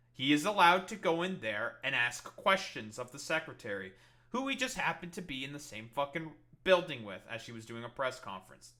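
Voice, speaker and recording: A man's voice: on the high side, pushed and bright. A man giving an angry, profane and sarcastic political commentary while reacting to clips.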